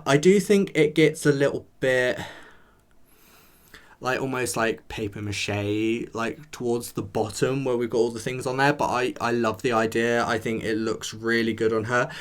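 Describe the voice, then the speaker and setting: A man reviewing a TV episode in a chatty, rambling way, talking straight to his viewers. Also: medium pitch. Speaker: show reviewer. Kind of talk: casual chat to camera.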